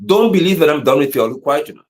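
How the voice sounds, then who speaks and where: A man giving impassioned livestream commentary as an activist, preaching and repeating slogans, sometimes shouting. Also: a little high, lively intonation, racing.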